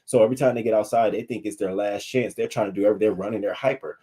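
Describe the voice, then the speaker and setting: Guy hosting a live stream, low-ish voice, swears a lot, keeps talking to the chat. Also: very fast, breathy edge. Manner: animated and profane, with frequent asides to viewers. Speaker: livestream news commentary host. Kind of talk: casual livestream commentary.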